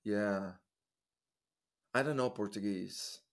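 A man co-hosting a podcast in playful casual chat, joking around and trading quick greetings in several languages. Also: on the low side. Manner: jokey, trades rapid greetings in many languages. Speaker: podcast co-host.

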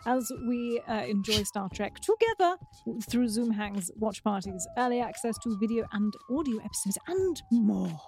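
A woman's voice: fairly high pitch, animated, moderate pace, few pauses, mellow, slight background noise. A woman co-hosting a podcast in casual chat, playfully reading out news items. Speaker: podcast co-host.

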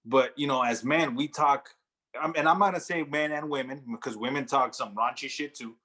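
A man's voice: medium pitch, moderate pace, pushed and bright. Blunt, profane male co-host. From Mexican-American. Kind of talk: casual podcast chat. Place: radio studio.

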